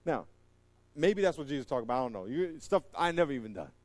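A man preaching a sermon, animated and joking, swinging from loud emphatic lines to quiet asides. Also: mid-range voice, fast, dry recording. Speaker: pastor.

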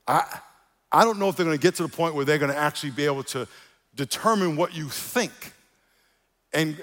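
Animated pastor preaching in a reverberant hall. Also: male voice, sits high. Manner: animated, swings from quiet asides to loud emphatic calls. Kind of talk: sermon.

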